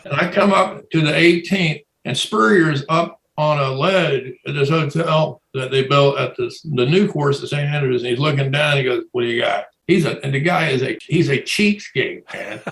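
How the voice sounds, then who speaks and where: A man's voice: a little high, normal speed, vocal fry, few pauses, fairly bright tone, echoey room, low-quality recording. A man telling a long rambling story in casual chat, laughing often and restarting his sentences. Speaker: guest telling stories.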